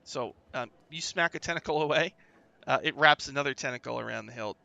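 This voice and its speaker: Male game master, halting narration, bright gravelly voice. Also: medium pitch, no echo, lo-fi sound. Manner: halting, with many fillers.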